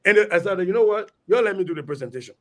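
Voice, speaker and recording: A middle-aged man from Liberia with a Liberian accent, telling a story in a lively, animated way on a radio talk show. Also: high voice, racing. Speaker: radio guest. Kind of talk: storytelling in conversation.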